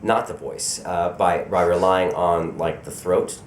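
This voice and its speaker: A middle-aged man from Colorado, a voice actor talking in a relaxed, self-deprecating way during a convention interview. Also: low-pitched, unhurried. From Colorado, USA. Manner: relaxed, self-deprecating, repeats words when starting thoughts. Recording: echoey convention room with faint background noise.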